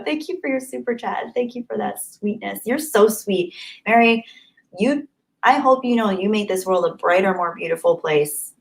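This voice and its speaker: A woman's voice: medium pitch, normal speed, creaky, rough recording. Effusive woman thanking live stream viewers. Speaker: livestream host. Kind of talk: live stream chat, reading viewer messages.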